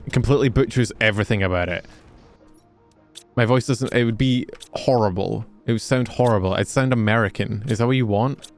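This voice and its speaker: A Scottish streamer talks a little fast in a mid-range voice, with faint music in the background. He keeps up easygoing chat with viewers while gaming, full of jokes and free swearing.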